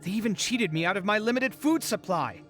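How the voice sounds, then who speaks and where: Faint game music plays behind this dub performance of a tired, put-upon young architect given to sighs and exasperated grumbling. The actor's voice is high-pitched, expressive, a little fast, and a bit bright.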